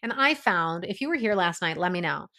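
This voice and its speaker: A woman hosting a relaxed livestream, talking straight to her viewers. She keeps reading out their names and comments and laughs often between lines. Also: lowish voice, brisk. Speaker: livestream host. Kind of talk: casual livestream chat with viewers.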